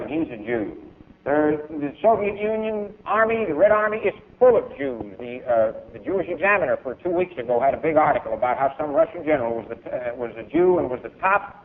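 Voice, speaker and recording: On tinny, low-fidelity archival tape, a man with a fairly high, animated voice talks at a quick pace. He delivers an emphatic, oratorical university speech full of big loudness swings and then takes questions.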